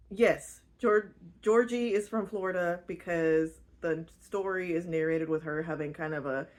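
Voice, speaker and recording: Slangy young woman recapping a book. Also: on the low side. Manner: slangy, chatty, laughs often, swears freely. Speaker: channel host.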